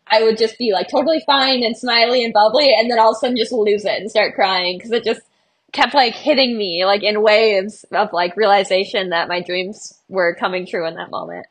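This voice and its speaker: A woman's voice: medium pitch, fairly even intonation, brisk, husky. A young woman, a marathon runner, speaking as a podcast guest in an earnest, emotional, bubbly way. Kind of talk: podcast interview.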